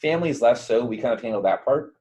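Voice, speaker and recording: A man's voice: medium pitch, expressive, fast, dark tone, rough recording. A young man giving a casual online training to volunteer mentors, loose and conversational, with lots of fillers and restarts. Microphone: computer mic on a virtual call.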